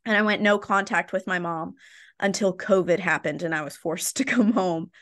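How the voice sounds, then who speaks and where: A woman's voice: lowish voice, moderate pace. A young adult woman, a podcast guest, telling her own story candidly and tagging her points with "right?" and "like". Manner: animated, tags points with "right?" and "like".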